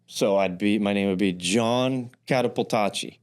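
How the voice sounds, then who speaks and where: Low-voiced man in rambling casual chat. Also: normal speed, clean tone. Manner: rambling, hesitant, full of ums and restarts. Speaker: podcast co-host.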